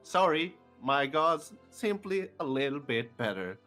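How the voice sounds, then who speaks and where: Guy at the gaming table, bright sharp voice, cracking jokes and teasing. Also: a little high, very animated, measured pace, faint music behind. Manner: joking, teasing. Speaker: player. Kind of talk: casual banter at the table.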